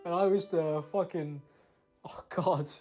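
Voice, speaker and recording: A man giving an emotional, halting spoken apology. He blames himself, pauses often and restarts his sentences. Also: fairly high pitch, steady tone, a little mellow, muffled recording, soft background music. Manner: halting, self-blaming, full of pauses and restarts. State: emotional, choked up. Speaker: person recording a personal apology.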